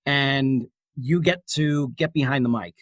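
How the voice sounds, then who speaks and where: A man's voice: medium pitch, a little slow, no echo. A man hosting a podcast, asking loose, casual questions full of fillers. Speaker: podcast host. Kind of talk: casual interview.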